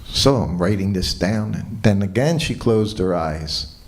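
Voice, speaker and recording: Man, temple lecturer, low voice, relaxed storytelling, quoting dialogue. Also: a little slow. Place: temple hall.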